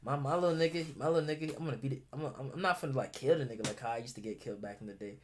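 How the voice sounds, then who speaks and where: A man's voice: mid-range voice, racing, a little hiss or hum. A young man talking casually and bluntly as a streamer reacting to a video, profane and rambling, full of restarts.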